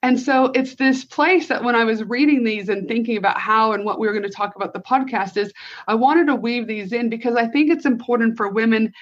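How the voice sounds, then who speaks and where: A woman's voice: a little high, fairly quick. A woman hosting a podcast interview, encouraging her guest and affirming often as she listens. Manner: encouraging, frequent affirming backchannels. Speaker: podcast host. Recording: slightly dull lo-fi audio.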